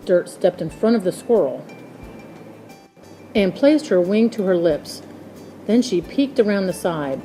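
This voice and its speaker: A woman reading a children's book aloud in a slow, expressive storytelling manner. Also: mid-range voice, faint music behind.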